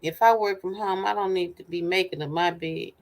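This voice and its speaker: A woman's voice: fairly low pitch, fairly even intonation, brisk. A woman co-hosting a casual live-stream chat, teasing and sarcastic. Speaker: co-host.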